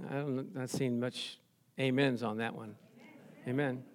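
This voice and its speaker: A man's voice: medium pitch, steady tone, slow, long pauses, a little mellow. A middle-aged man preaching a sermon in a church, chatty, acting out quoted voices, chuckling often and calling for amens. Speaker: pastor.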